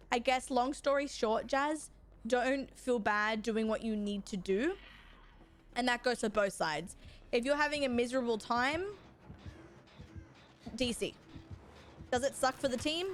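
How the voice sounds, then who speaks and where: Young woman, casual streamer chat, rambling and sweary, light higher voice, soft music bed. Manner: chatty, rambling, swears, reads chat aloud. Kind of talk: casual chat while gaming.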